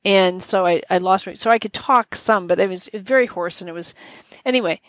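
A woman chatting casually about dog behavior, thoughtful and relaxed, with frequent restarts. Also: medium pitch, fairly quick, no echo. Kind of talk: casual conversational chat.

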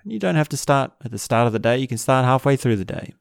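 A man's voice: mid-range voice, lively intonation, quick pace, gravelly, no echo, clean studio sound. A man hosting a self-help video, talking through a practical tip in a playful, wandering way. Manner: playful, wandering, breaks into laughs. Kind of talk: casual spoken tip monologue.

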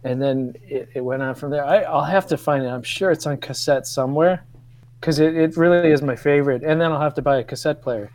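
A man in his fifties, a guest on a radio show, telling old stories with laughs and halting restarts. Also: a little high, a little mellow. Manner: storytelling, laughs often, hesitant restarts. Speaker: guest, former radio co-producer. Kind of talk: casual radio chat.

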